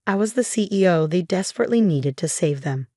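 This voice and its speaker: A woman reading a first-person revenge story as scripted narration, calm and measured. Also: fairly low pitch, no echo, clean studio sound.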